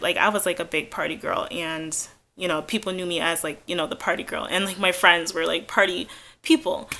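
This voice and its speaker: Twenties woman, casual vlog chat, bright tone, candid and rambling. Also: mid-range voice. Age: 20s. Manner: rambling, filler-heavy, candid. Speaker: vlogger.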